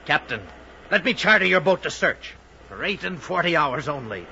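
A man's voice: on the high side, very animated, normal speed, vocal fry, bright, forceful tone, slight background noise, exaggerated voice. An actor playing a desperate ship's captain begging for help to find his lost son, in a radio drama. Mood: pleading. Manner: pleading, urgent. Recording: dull lo-fi radio recording.

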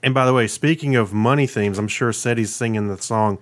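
A man's voice: medium pitch, brisk. Joking, hesitant male co-host. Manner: joking, hesitant, many restarts. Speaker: podcast co-host. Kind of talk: casual podcast chat.

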